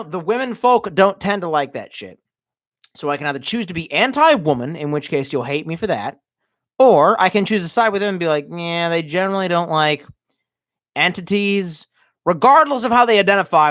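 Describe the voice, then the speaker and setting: A man's voice: high-pitched, animated, normal speed, dry recording, clean studio sound. Drunk, profane man ranting on stream. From Baltimore. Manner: profane, mocking, shifts between yelling and muttering. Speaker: streamer reading chat. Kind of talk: casual livestream rant.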